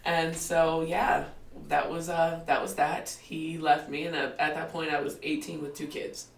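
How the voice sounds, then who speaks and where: A woman's voice: low-pitched, measured pace, slight background noise. A woman in her forties telling her life story as a podcast guest, laughing often and acting out what people said. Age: 40s. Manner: animated storyteller who acts out quotes and laughs often. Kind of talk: casual storytelling in an interview. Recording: roomy, distant mic.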